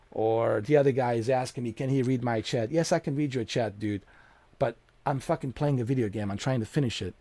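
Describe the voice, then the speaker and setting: A man's voice: medium pitch, dark tone, no room sound. Angry, profane male streamer ranting. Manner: profane, heated, blunt. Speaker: game streamer. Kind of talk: angry rant to live chat.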